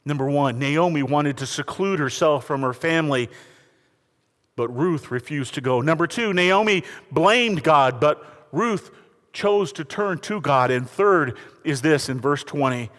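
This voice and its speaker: A man preaching a sermon with a notably high, animated voice that swoops from hushed lows to emphatic highs. His words ring out in a large hall with a long reverb tail behind them. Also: a little slow. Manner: preaching with lively rises and falls, addressing the congregation. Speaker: pastor.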